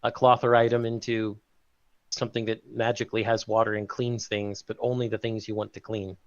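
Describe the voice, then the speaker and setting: A man co-hosting a tabletop game stream, chatting in a relaxed, joking way. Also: on the low side, a little fast, lo-fi sound. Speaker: co-host player. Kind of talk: casual chat on a game stream.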